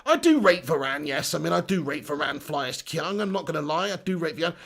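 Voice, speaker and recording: A man's voice: a little high, lively intonation, brisk, gravelly, fairly bright tone. A man hosting a live stream, chatting casually and joking while reading out viewer comments. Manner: jokey, reads out chat messages.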